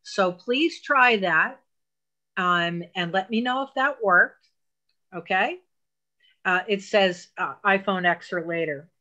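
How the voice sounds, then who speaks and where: A woman's voice: mid-range voice, slow, long pauses, pushed and bright, muffled recording. A woman teaching an online technology class, walking learners patiently step by step through phone settings with emphatic asides.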